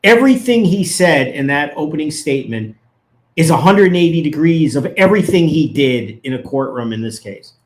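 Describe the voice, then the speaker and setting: A man's voice: a little high, animated, moderate pace. A man, a lawyer, giving legal analysis as a guest in a casual interview, arguing his points emphatically and with indignation.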